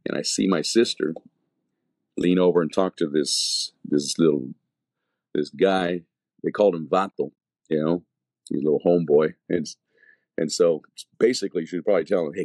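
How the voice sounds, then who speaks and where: Middle-aged male evangelist, low voice, rambling testimony in a dry room, full of "you know". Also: a little mellow, no room sound. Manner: storytelling, acting out past dialogue. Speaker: evangelist telling his testimony. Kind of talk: casual spoken testimony.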